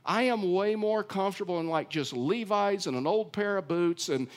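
A middle-aged Texan man preaching with a high, lively voice. He tells folksy stories and acts out the other people's lines with energy. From Texas. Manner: folksy storytelling, animated acting-out of dialogue. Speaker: pastor. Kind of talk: sermon.

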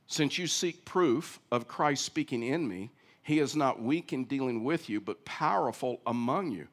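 A man preaching a sermon, swinging from emphatic, loud stretches with acted-out quotes down to low, quiet ones. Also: lively intonation, a little slow. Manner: rising to emphatic, acting out quoted voices, then dropping low and quiet. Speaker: pastor.

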